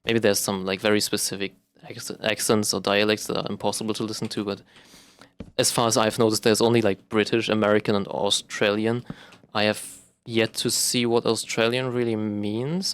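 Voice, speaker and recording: A man's voice: lowish voice, gravelly, clear, resonant tone. Rambling young man. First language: German. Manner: rambling, profane, self-correcting, many ums. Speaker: vlogger. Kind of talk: casual monologue to camera.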